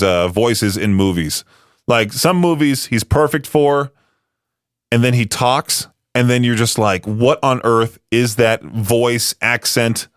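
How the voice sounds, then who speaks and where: A man's voice: mid-range voice, fairly bright tone, smooth, no echo. A man hosting a radio show in a studio, chatting casually with lots of fillers and self-deprecating asides. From United States. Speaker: radio host.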